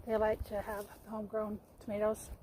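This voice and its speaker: A woman's voice: mid-range voice, completely flat delivery, moderate pace, rough recording. A woman livestreaming from her backyard garden, chatting in a rambling way and greeting viewers by name as she works. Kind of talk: casual live-stream chat. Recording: loud wind and outdoor noise.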